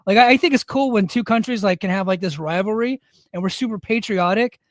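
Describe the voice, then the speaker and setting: A man's voice: sits high, fairly quick. A man co-hosting a podcast in casual chat, easygoing and reading out chat names. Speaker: podcast co-host; Air Force service member in leadership.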